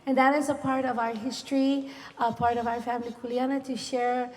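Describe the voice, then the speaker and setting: A woman's voice: on the high side, flat delivery, brisk, long reverb tail, slight background noise. A woman with a Hawaiian Pidgin-inflected accent, a cultural storyteller speaking earnestly at a community reunion and weaving Hawaiian words into her talk. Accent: Hawaiian Pidgin-inflected English. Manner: earnest, warm-hearted, sprinkles Hawaiian words.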